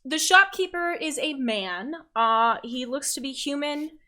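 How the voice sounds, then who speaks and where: Woman GM, bright tone, relaxed rambling narration. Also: high voice, unhurried. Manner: casual, filler-heavy narration. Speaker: game master. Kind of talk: narrating a tabletop game.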